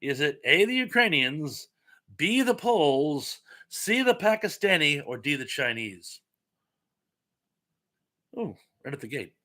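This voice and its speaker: A man hosts a relaxed live-stream chat, quizzing viewers on trivia between lively stories. His voice is bright and forceful, and he pokes fun at himself as he talks. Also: on the high side, a little slow, pauses often. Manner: animated, chatty storyteller with self-mocking asides.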